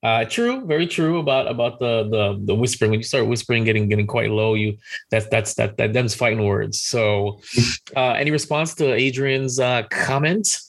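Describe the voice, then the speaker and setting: A man's voice: medium pitch, moderate pace, creaky. A man hosting a casual podcast, rambling, laughing often and reading out listener comments. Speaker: podcast host.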